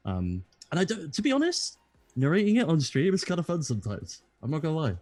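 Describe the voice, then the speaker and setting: A man who is a guest on a gaming podcast, chatting casually and animatedly. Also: a little high. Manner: quick, animated, laughs at his own points.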